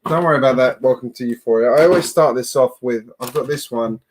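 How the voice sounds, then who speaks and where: A man's voice: mid-range voice, quick pace, slight background noise. A man hosting a casual live stream from home, chatting in a rambling way with self-deprecating asides, picked up by a computer mic. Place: home build room at a computer.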